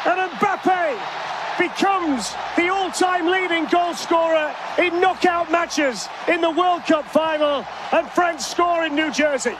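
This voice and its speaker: A man calling a soccer match live, rising to shouted goal calls. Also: extremely high pitch. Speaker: soccer play-by-play commentator. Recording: stadium crowd noise behind.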